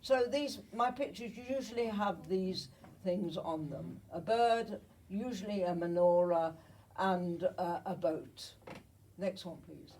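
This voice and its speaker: A woman's voice: fairly low pitch, slow pace, darkish tone, distant mic, slight background noise, low-quality recording. A woman in her eighties from Germany, a Holocaust survivor giving a slide talk to an audience, chatty and often checking in with her listeners, while nursing a cold. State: has a cold.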